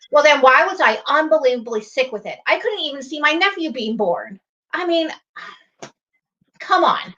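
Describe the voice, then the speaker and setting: A woman from the United States co-hosting a livestreamed morning show. Her voice sits high and sharp, and her delivery is urgent and sermon-like, full of pleas. The audio is dull and lo-fi. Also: very animated, moderate pace. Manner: urgent, pleading, preachy. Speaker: co-host of an online morning show. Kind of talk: impassioned livestream talk.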